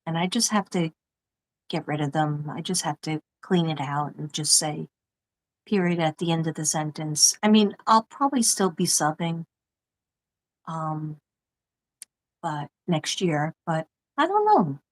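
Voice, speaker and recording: A woman's voice: low voice, lively intonation, a little slow, pauses often, poor audio. A middle-aged woman from Staten Island with a New York accent, chatting casually on a livestream, rambling and laughing often. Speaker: livestream host, former teacher. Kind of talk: casual livestream chat reading mail.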